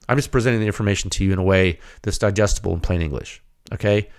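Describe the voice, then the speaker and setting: Guy with a lowish voice going a bit hoarse, talking straight at you, pushy and rhetorical, keeps repeating himself. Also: fast talker. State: slightly hoarse, losing his voice. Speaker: podcast host, firearms silencer researcher. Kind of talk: unscripted technical monologue.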